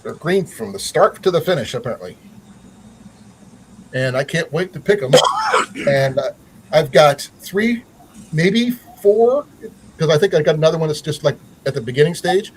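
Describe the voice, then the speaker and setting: A man's voice: a little high, lively intonation, normal speed, long pauses, noisy background. A man hosting a casual livestream chat, rambling with many fillers and restarts. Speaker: channel host.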